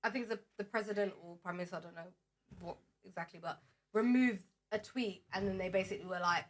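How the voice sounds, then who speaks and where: A woman's voice: mid-range voice, fast. A woman co-hosting a podcast, talking animatedly with frequent laughs and rhetorical questions. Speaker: podcast co-host. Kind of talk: casual chat.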